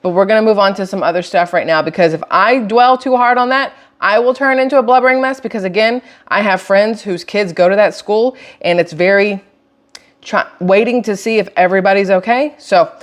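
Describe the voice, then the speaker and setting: Brief: woman vlogger, chatty political commentary, emphatic, mid-pitched voice. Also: fairly even intonation, fairly quick. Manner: emphatic, repeats words for stress. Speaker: host.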